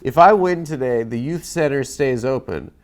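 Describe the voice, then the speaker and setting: A man's voice: medium pitch, expressive, pitched below the performer's own voice, close to an everyday voice. A man with a cold reading the part of an earnest, brave young male hero in a comedy sketch, with no accent. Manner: plain reading, deliberately no accent. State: has a cold.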